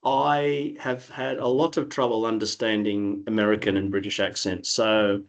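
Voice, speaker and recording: A middle-aged man with an Australian accent, answering interview questions in a relaxed, rambling way with many restarts over a video call. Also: lowish voice, normal speed. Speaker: interview guest. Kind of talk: casual conversational answers.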